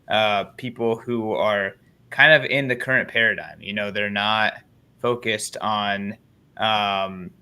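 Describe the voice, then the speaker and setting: A man's voice: lowish voice, bright, forceful tone, smooth. A man chatting on a panel about his work, thoughtful and searching for words. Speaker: panel guest. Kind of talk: casual panel chat.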